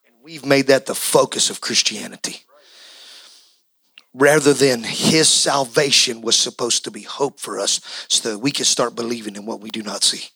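Man, pastor, sermon, impassioned, tense bright tone. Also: medium pitch, normal speed, vocal fry, husky, no echo, poor audio. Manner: impassioned preaching, swinging between quiet and shouting.

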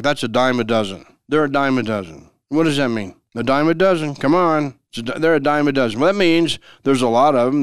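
A man's voice: mid-range voice, clean tone, dry recording, clean studio sound. A man hosting a legal explainer podcast, folksy and repeating his key phrases for emphasis. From Denver, Colorado. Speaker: podcast host and lawyer.

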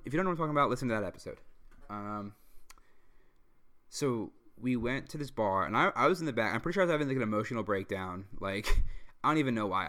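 A man's voice: on the low side, a bit bright. A young man hosting a podcast, telling a long story in casual chat, rambling with many fillers, swearing and laughing as he goes. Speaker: podcast host.

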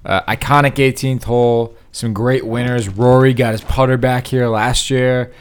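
A man's voice: medium pitch, steady tone, normal speed, smooth. Upbeat rambling male podcast host. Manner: upbeat, rambling, self-correcting. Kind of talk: casual chat.

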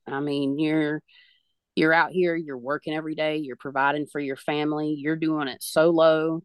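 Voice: mid-range voice, little pitch movement, normal speed, smooth, no echo. Reassuring podcast host in their thirties. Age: 30s. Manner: reassuring, passes on messages from spirit. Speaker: podcast host and spiritual medium. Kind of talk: conversational podcast talk.

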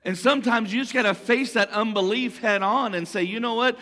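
Male pastor with a slightly high voice, chatty sermon delivery with repeated phrases, long hall reverb. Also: a little fast, pushed and bright. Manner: conversational preaching, repeats phrases and restarts.

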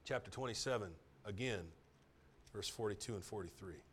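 With a fairly low voice and moderate pace, a middle-aged man preaches as pastor, shifting from near-whispered asides to loud, emphatic repetitions. Slight background noise is audible.

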